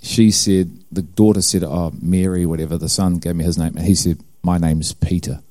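A man's voice: low-pitched, fairly even intonation, normal speed, dark tone. A middle-aged man with a New Zealand accent giving a personal testimony sermon, telling a story with acted-out dialogue and self-mocking humor. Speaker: preacher.

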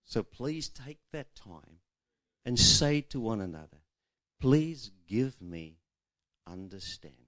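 A man giving a relaxed teaching talk on marriage, telling stories and drawing on a whiteboard. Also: low-pitched, dry recording. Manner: chatty, storytelling, acts out quoted voices. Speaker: marriage seminar speaker. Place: room with a whiteboard.

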